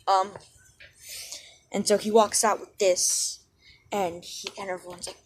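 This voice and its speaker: A young woman at an average pitch, spinning a fan story off the cuff. She wanders, corrects her own slips and keeps apologizing as she goes, and a faint ambient noise sits behind her voice. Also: little pitch movement, measured pace, pauses often, low-quality recording. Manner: rambling, self-correcting, apologetic. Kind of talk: casual fan-story retelling.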